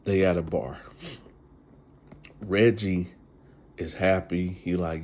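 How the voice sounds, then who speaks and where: A man with a deep, darkish voice hosts a relaxed story retelling, speaking slowly with a steady tone and frequent pauses over slight background noise. He's chatty and speaks right to his listeners.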